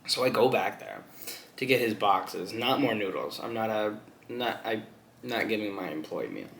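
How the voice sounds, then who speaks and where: A man's voice: fairly low pitch, normal speed, vocal fry, a bit bright, slight background noise. A man vlogging while he eats, telling a rambling story with lots of laughter and swearing. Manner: laughs often, swears freely, rambling retelling. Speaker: mukbang vlogger. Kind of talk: casual storytelling while eating. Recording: echoey room.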